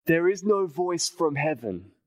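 A man preaching a sermon, earnest and emphatic, repeating phrases and dropping his voice to a hush at key points. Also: fairly high pitch, lively intonation, unhurried, no room sound, poor audio.

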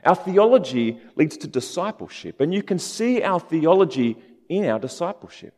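Animated male preacher in a reverberant hall. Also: on the high side, moderate pace. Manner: conversational and animated, with casual asides. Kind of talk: sermon.

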